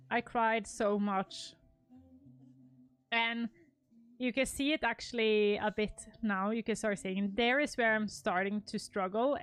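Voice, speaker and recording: A woman's voice: fairly high pitch, fairly bright tone. Gushing young woman on a live stream. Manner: gushing, rambling, laughs often. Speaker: streamer showing wedding photos. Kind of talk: casual live-stream chat.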